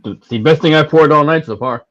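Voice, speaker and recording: Man, higher pitch, dull lo-fi sound, relaxed chat. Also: fairly quick. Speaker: guest on a whiskey stream. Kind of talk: casual chat on a live stream.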